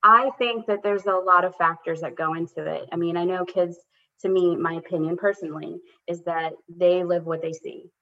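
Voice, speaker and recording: A woman in her thirties, talking as an interview guest and telling a long story about her family in a candid, self-deprecating way. Her voice sits a little low and comes through dull lo-fi audio, and it brightens when she acts out her children's lines. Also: fairly even intonation, moderate pace. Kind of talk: casual conversational storytelling.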